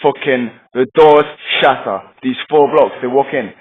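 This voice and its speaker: A man's voice: medium pitch, a little slow. A young man telling a comic first-person story as a brash, swearing, boastful raver. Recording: dull lo-fi home video audio.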